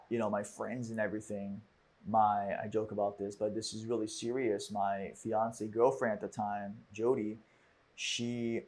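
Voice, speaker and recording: Podcast host guy, kinda low husky voice, halting, keeps restarting his sentences. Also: a little mellow. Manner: halting and reflective, frequent restarts. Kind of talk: casual podcast conversation, personal storytelling.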